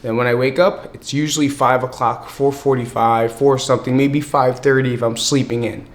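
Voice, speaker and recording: Energetic male podcast host. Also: mid-range voice, normal speed. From US East Coast. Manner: energetic, hyped, chatty. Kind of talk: casual podcast monologue.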